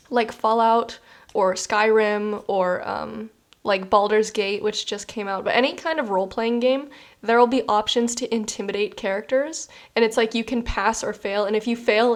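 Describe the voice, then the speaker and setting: A young woman doing a casual pick-a-card tarot reading, chatty and animated, with many fillers and easy laughs. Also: on the high side. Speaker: tarot reader.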